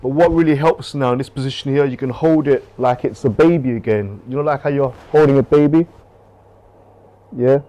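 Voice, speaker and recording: A man leading a qigong class, calmly coaching breathing and movement with gentle repetition, on a close mic while he moves. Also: mid-range voice, fairly quick. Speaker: qigong instructor. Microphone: close clip-on mic while moving.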